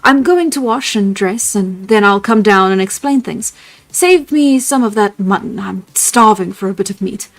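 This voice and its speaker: A woman voicing a weary, starving Victorian gentleman inventor who is curt and brushes off questions, in a live storybook reading. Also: sits high, moderate pace. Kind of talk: live read-aloud of a novel.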